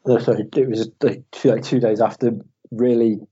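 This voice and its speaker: A man's voice: mid-range voice, steady tone, moderate pace, dark tone, husky. A tired man co-hosting a podcast, telling stories casually with frequent laughs. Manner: laughing, storytelling, self-deprecating. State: tired from lack of sleep. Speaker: podcast co-host. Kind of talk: casual chat. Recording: dull lo-fi sound.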